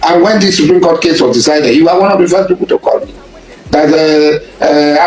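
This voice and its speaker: A man with a Nigerian accent giving an impassioned public speech, accusing a rival and repeating his points, at times rising to a shout. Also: on the high side, moderate pace, roomy sound, rough recording. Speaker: public speaker addressing a rival.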